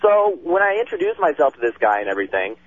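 A man calling into a radio show, telling a relaxed, chatty story about a night out. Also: on the high side, quick pace, dry recording. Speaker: caller. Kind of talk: casual storytelling on air. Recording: dull lo-fi broadcast sound.

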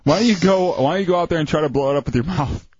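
Deadpan teasing male co-host. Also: on the high side, rapid-fire, husky, no room sound. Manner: mock-serious, deadpan teasing. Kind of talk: casual radio banter. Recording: dry, dull lo-fi radio sound.

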